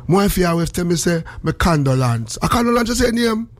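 A man speaking patois in casual chat, rambling and animated with a sing-song lilt. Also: high-pitched, fast talker.

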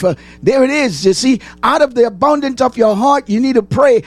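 A man preaching a sermon, asking the congregation questions and answering them, repeating phrases and rising to shouts. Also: very high voice, normal speed, hardly any pauses, soft background music.

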